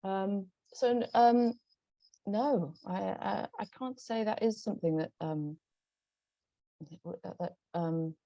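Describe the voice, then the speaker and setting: Hesitant Northern English woman, dark voice. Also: mid-range voice, takes it slowly, no room sound. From Northern England. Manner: hesitant, many restarts and ums. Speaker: novelist guest. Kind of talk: conversational book talk. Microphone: video call. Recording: dull lo-fi video call audio.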